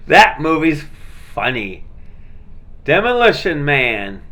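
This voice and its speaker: A man talks in a loose, rambling way, stumbling over words and filling gaps with "uh". His voice sits at an ordinary middle pitch and stays easygoing throughout. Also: a bit bright. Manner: rambling, many fillers and restarts, laid-back. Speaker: vlogger showing his movie collection. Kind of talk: casual rambling chat.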